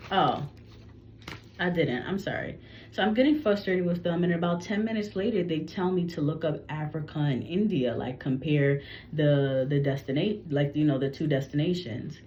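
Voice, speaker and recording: A woman with a low voice tells a psychic channeling story to her viewers, rambling and often restarting her sentences. The recording sounds slightly dull and lo-fi, with faint background noise. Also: normal speed, darkish tone. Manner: rambling, frequent restarts and self-corrections. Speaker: psychic reader. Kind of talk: casual channeling story to camera.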